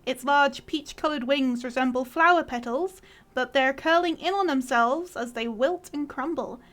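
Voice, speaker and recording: A woman narrating a fantasy scene as game master, measured and descriptive. Her voice is bright and fairly high. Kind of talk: scripted narration of a tabletop game.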